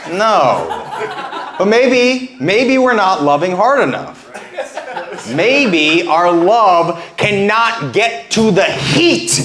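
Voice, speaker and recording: Slow-talking stand-up comedian in a roomy club. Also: male voice, high-pitched, big pitch swings, a crowd in the background. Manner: rambling absurd jokes with stammering restarts. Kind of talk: stand-up set. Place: small club stage before a live audience. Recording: roomy live club sound.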